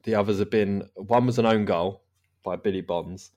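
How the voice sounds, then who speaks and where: Low-voiced man hosting a casual football podcast. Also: fairly even intonation, normal speed, darkish tone. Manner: rambling, laughs often. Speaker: podcast host. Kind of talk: casual chat.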